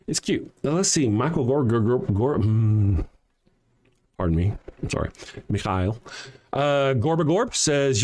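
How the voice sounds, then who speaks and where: A livestream host with a mid-range, slightly mellow voice talks at normal speed with lively intonation, over a little hiss or hum. Reading his chat, he fires back sarcastic, mocking rhetorical questions and swears often.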